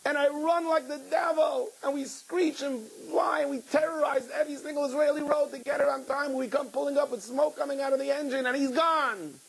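A man's voice: on the high side, very animated, fairly quick, husky, poor audio. A man voicing a desperate middle-aged father who pleads in a raised, emotional voice. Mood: fervent.

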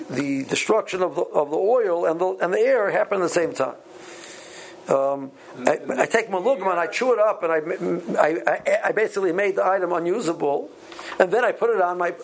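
Guy giving a talmud class, kinda high voice, gravelly, stops and restarts a lot, faint room hum behind. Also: rough recording. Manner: halting, repeats words, many ums. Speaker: Torah teacher.

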